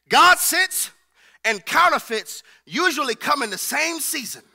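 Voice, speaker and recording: A male preacher with a very high, piercing voice delivers a sermon. He stacks repeated phrases in a driving rhythm and calls for the congregation to answer him. His tone is bright and edgy. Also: animated, slow pace, vocal fry. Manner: rhythmic repetition, call and response.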